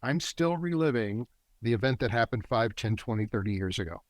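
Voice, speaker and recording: A man's voice: mid-range voice, animated, dry recording. Earnest middle-aged man teaching. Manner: earnest, teaching tone that speeds up and slows down. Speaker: guest, men's work facilitator. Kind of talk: reflective interview talk. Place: a warm, quiet spot with a generator running nearby.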